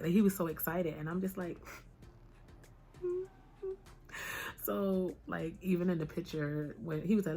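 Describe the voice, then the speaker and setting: A young woman vlogger telling a personal story in a casual, animated, chatty way. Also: low-pitched, moderate pace, pauses often.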